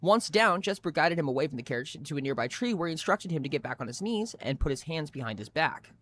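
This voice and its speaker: A male streamer reading a story aloud on a live stream, his voice sitting a little higher than most men's. He reads expressively, stumbling and restarting words as he goes. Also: animated, quick pace, fairly bright tone, slight background noise.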